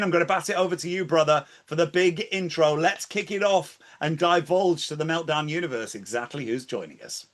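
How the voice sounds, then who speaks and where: A man with a British accent hosting an interview, enthusiastic and playful. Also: on the high side. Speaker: host. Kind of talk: casual chat.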